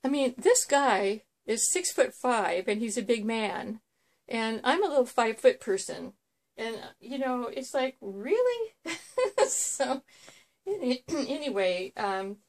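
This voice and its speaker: Brief: woman host, slightly high voice, rambling casual storyteller. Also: lively intonation, a little slow. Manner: rambling storyteller with many fillers. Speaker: vlog host. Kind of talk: casual chat.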